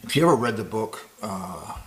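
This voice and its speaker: Low-voiced, rambling commentator man. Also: sing-song, moderate pace, a bit bright, slight background noise. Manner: rambling, digressive, with frequent fillers and restarts. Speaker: political commentator. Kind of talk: casual spoken commentary.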